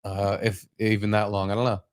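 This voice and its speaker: A man's voice: flat delivery, fairly quick, smooth. A man in his thirties co-hosting a podcast, telling casual stories in a loose, rambling way. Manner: loose storytelling, mimics his toddler in high voices. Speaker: podcast co-host. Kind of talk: casual chat.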